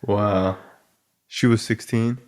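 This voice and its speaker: A man's voice: fairly low pitch, steady tone, takes it slowly, a little mellow. A man hosting a podcast interview, mostly giving short encouraging reactions and questions. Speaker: podcast host. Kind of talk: casual interview.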